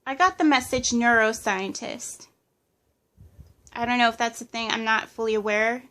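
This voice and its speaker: A woman's voice: on the high side, steady tone, moderate pace, bright, forceful tone. A woman giving a pick-a-card tarot reading in a casual, hesitant way, listing impressions with many fillers. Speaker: tarot reader.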